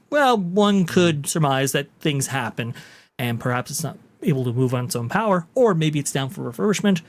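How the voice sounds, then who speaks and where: A man hosting a podcast, casually commenting on video clips in a chatty, explanatory way. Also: a little high. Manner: chatty, explanatory, with frequent fillers. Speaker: podcast host.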